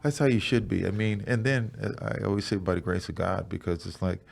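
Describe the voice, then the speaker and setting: A man in his sixties, a guest on a podcast, chatting casually in a relaxed storytelling way with many restarts. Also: low-pitched, fast talker, vocal fry. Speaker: guest, retired football player. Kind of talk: casual chat.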